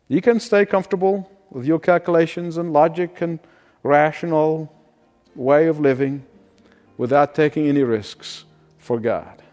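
A man preaching a sermon, telling a story with frequent chuckles and easing into quiet prayer. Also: medium pitch, long reverb tail.

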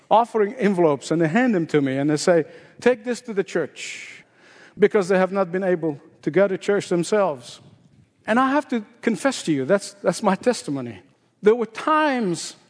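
An older male pastor delivers a sermon in a high, emphatic voice, repeating key phrases and lifting his pitch to drive them home. His words ring out with a long reverb tail, as in a large hall.

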